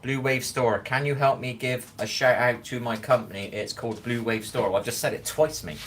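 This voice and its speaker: Hosting a livestream from home on his phone, this man with a West Country English accent chats and wanders between topics, calling out names from the chat, clearly worn out from lack of sleep. He speaks at a moderate pace in a mid-range, steady voice that's a bit bright. Slight background noise sits under the recording.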